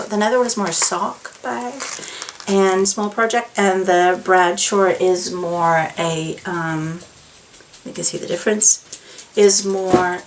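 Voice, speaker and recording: A woman's voice: on the low side, slight background noise, rough recording. A woman chatting casually as a knitting vlogger, rambling with many fillers and asides. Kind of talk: casual chat to camera.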